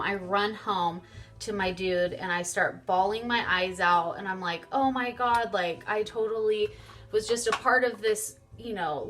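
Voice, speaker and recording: A young woman tells a story in a loose, animated vlog chat, swearing freely as she goes. Her voice sits a little high and has a bright, forceful edge. Faint music plays behind her. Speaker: vlogger. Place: home, getting ready on camera.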